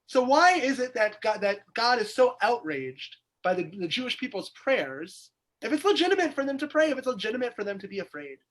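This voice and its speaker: A man's voice: very high voice, very animated, a little fast, a bit bright. A man, teaching a weekly Torah class as a rabbi over a video call, explaining by asking questions aloud. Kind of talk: lively text study lecture.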